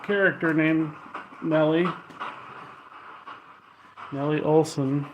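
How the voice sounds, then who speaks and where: A man on a ghost-hunting walkthrough of an old house, calling out in hushed tones to unseen spirits and recorded on a handheld phone. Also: on the high side, takes it slowly, narrow, tinny audio. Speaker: paranormal investigator. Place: indoors in an old house at night. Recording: steady background hiss and room noise.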